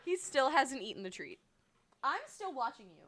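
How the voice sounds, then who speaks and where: A woman with a very high, bright voice chats casually on a livestream. Her pitch swings widely as she coaxes and scolds her cats, then rattles off greetings to her viewers. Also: sing-song, normal speed. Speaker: streamer.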